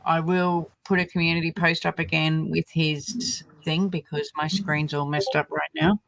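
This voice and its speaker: A woman's voice: low voice, normal speed, no echo, rough recording. An older Australian woman hosting a livestream, chatting casually and rambling with fillers. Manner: relaxed, rambling, lots of fillers. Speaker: livestream host.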